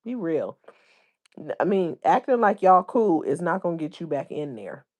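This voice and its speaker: A woman with a slightly low voice hosts a casual livestream, reading viewers' comments aloud. Her talk is loose and full of everyday slang, easygoing and chatty. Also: very animated, normal speed, darkish tone. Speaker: livestream host.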